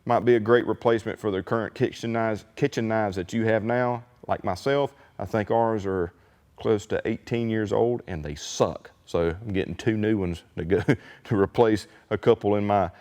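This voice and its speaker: A low-voiced man with a drawl shows off gear in a casual unboxing chat, folksy and excitable. His voice rings with a long, hall-like reverb. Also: moderate pace. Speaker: unboxing video host.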